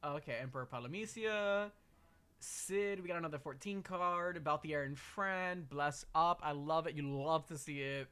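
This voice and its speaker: A streamer chatting casually on a live stream, excitable and profane, swinging from low mutters to squeals. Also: moderate pace, clean tone.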